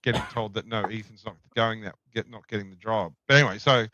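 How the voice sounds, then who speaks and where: On a podcast, a middle-aged Australian guest swaps blunt, swear-laden anecdotes in casual conversation. He talks fast in a lowish, sharp-toned voice, and the dull, dry lo-fi recording has no echo.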